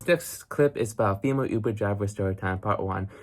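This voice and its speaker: A man's voice: fairly low pitch, quick pace, music in the background. A man hosting a reaction video, chatting casually and putting questions to his viewers. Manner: talks to viewers with questions and asides.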